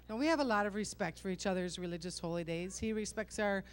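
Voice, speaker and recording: In a stand-up set, a middle-aged woman with a medium-pitched, fairly bright voice jokes at her own expense in punchy lines and quick asides to the crowd. A little hiss or hum runs under the recording.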